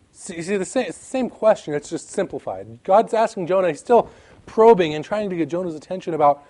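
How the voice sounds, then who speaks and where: A man's voice: a little high, animated, fairly quick, a little mellow. A man preaching a sermon, reading scripture aloud with emphatic rises and drops in his delivery. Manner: emphatic, rising and falling, reads scripture aloud.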